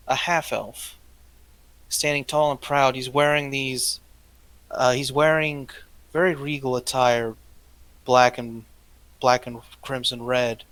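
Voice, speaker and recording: A man narrating as game master in a tabletop game, describing scenes briskly with occasional fillers. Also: mid-range voice, sharp tone, no echo.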